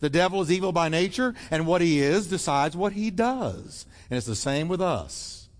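A man's voice: a little high, lively intonation, moderate pace, in a large hall. A man preaching a sermon as pastor, emphatic and acting out the voices he quotes.

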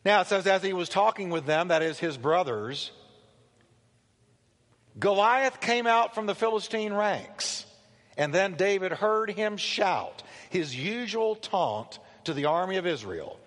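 A male pastor preaching a sermon, telling the story with animated delivery and acting out the quotes. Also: high-pitched, a little slow. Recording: long hall reverb.

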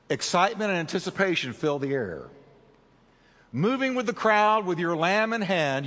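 A man preaching a sermon as pastor, with dramatic delivery that slows down for emphasis. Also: fairly bright tone, long reverb tail. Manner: dramatic preaching with big swings in pitch and slowed emphasis.

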